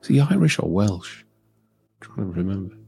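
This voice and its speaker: A man's voice: deep voice, big pitch swings, a little fast, creaky, mellow, soft background music. A man co-hosting a movie watchalong, chatting casually and laughing often. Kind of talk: casual chat over a film.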